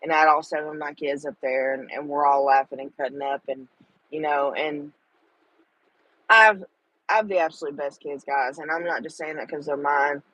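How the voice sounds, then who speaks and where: A woman's voice: deep voice, fairly even intonation, moderate pace, fairly bright tone, dry recording, poor audio. A middle-aged woman, talking to viewers in a casual livestream chat, tender and emotional. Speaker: livestream host.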